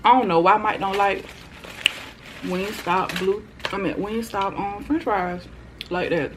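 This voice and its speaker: A woman's voice: mid-range voice, steady tone, unhurried, background noise. A woman food vlogger in casual mukbang chat, talking to viewers between bites.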